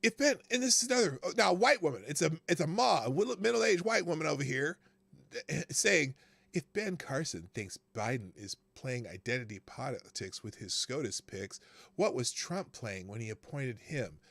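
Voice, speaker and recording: A man's voice: on the high side, very animated, moderate pace, gravelly, a bit bright, dry recording. A man hosting a live political talk stream, talking casually and laughing often, greeting viewers by name.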